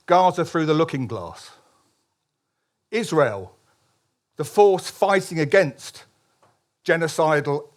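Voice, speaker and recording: A man, a columnist, giving a public speech at a political meeting, emphatic, with frequent restarts and ironic asides. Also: fairly high pitch.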